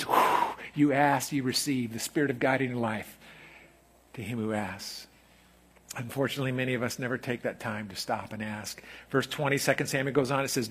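A middle-aged man preaching a sermon as pastor, moving from quiet, intimate stretches to loud, emphatic ones. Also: medium pitch, slightly rough.

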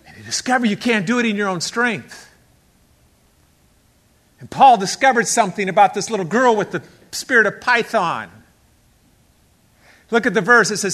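A male pastor preaching a sermon emphatically. He acts out quotes and swings between hushed and loud delivery. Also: high voice, normal speed, pauses often.

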